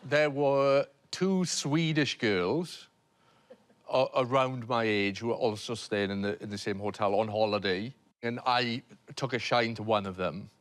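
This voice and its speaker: A man's voice: on the low side, fairly bright tone. A man telling a comic story on a TV panel show, hesitant and self-mocking, with many fillers and restarts.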